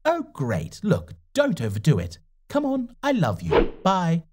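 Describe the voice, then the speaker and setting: A man's voice: high voice, wildly swooping pitch, a little slow, heavy background noise, pitched above the performer's own voice, heavily acted. A man voicing a worried, caring middle-aged mother on the phone who asks anxious, fussy questions. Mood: anxious, fussing.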